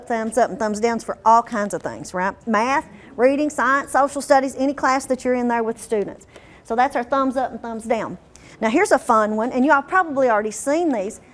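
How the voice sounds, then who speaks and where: A woman leads a teacher training workshop. She quizzes the room and stretches demo words out slowly. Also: a little high.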